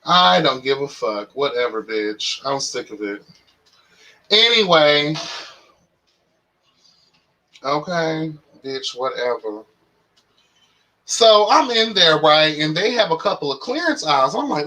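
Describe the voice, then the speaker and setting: A man's voice: a little high, lively intonation, unhurried, sharp tone. A man hosting his own channel, telling a story as a casual rant, profane, sassy and dramatic. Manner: exasperated, dramatic retelling. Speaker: channel host.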